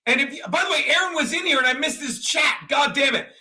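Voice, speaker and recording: Brisk and animated, this livestream host speaks in a very high, strained, bright voice. He goes on crude, rambling, profane rants and laughs a lot while reading chat.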